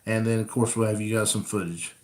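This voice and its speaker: A man's voice: lowish voice, steady tone, a little fast, darkish tone. A man hosting a casual live-stream Q&A, chatting easily and reading viewer comments aloud. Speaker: coon hunting channel host. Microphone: camera rig mic.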